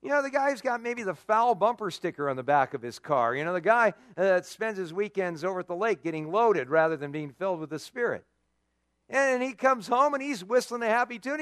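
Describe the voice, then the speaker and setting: Animated, folksy male preacher. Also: high-pitched, a little fast, dry recording, clean studio sound. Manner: conversational, folksy and animated, with many "you know"s and rhetorical questions. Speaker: pastor. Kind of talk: sermon.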